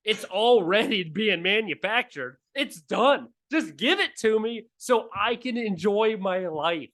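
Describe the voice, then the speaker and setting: Excitable man co-hosting a gaming podcast. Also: high voice, unhurried. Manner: excitable, jokey, gushing. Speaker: podcast co-host. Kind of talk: casual gaming podcast chat.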